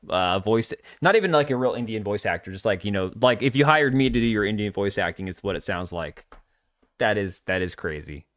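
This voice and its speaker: A man's voice: fairly low pitch, a bit bright. A young man hosting a casual gaming livestream, blunt and opinionated, often restarting his sentences. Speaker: livestream host.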